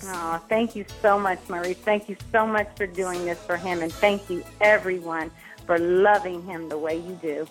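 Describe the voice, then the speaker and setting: A woman calling in to a radio tribute, speaking softly and emotionally, searching for words. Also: on the low side, fairly even intonation, normal speed, faint music behind, poor audio. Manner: soft, moved, searching for words. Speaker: caller, widow.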